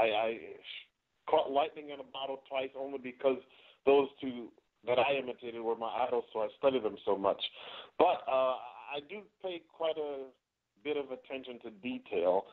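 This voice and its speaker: Sex: man. Role: wrestler guest. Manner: earnest, explaining. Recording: tinny phone line. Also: mid-range voice. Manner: earnest, explanatory, with frequent restarts. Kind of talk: casual interview over the phone.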